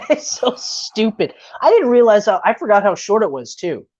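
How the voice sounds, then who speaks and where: Woman cohost gushing about a movie, cussing and laughing, pitch all over the place, kinda muffled lo-fi sound. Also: normal speed. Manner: excitable, swears often, laughs a lot. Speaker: podcast co-host. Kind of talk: casual movie review chat. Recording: dull lo-fi audio.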